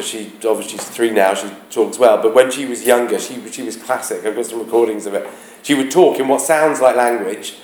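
A man teaching a class, talking haltingly, searching aloud for words and chanting rhythms to show them. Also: on the low side, a little mellow. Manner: demonstrates rhythms by chanting beats. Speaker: English teacher. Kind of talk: classroom explanation of a play. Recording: roomy, echoey classroom.

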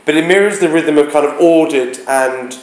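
A man teaching a class, talking haltingly, searching aloud for words and chanting rhythms to show them. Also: a little high. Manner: demonstrates rhythms by chanting beats. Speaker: English teacher. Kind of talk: classroom explanation of a play. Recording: roomy, echoey classroom.

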